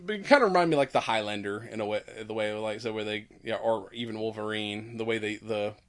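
A man's voice: lowish voice, fast, fairly bright tone. Male podcast co-host, loose rambling delivery, frequent laughter and cursing, retells scenes with voices. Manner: rambling, laughing, swearing often, acting out scenes. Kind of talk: casual chat.

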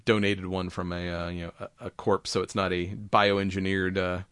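A man's voice: low voice, level tone, moderate pace, a bit bright, clean tone, dry recording, clean studio sound. A man co-hosting a casual podcast, reading science news in a rambling way with lots of fillers, swearing and laughs.

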